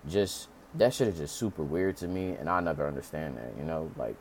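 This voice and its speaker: A man ranting in casual commentary, profane and animated, jumping into mocking high-pitched impressions. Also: fairly quick, a little hiss or hum.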